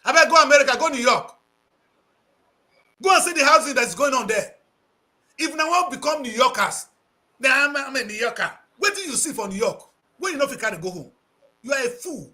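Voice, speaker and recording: A man's voice: very high voice, sing-song, normal speed, long pauses, pushed and bright. A man with a Nigerian accent giving passionate, preachy talk-show commentary, slipping into Pidgin English.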